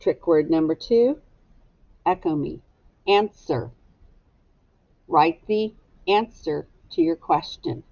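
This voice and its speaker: A woman's voice: low voice, darkish tone, no echo, dull audio. A woman teacher dictating a spelling test to young students, sounding out each word syllable by syllable. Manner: slow, deliberate, sounds words out syllable by syllable.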